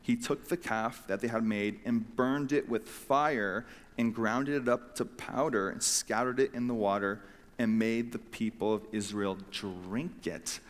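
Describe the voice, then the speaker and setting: A man preaching a sermon as pastor, retelling scripture in a casual, animated way with lively voiced asides. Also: fairly low pitch, a little slow. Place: church sanctuary. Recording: long hall reverb.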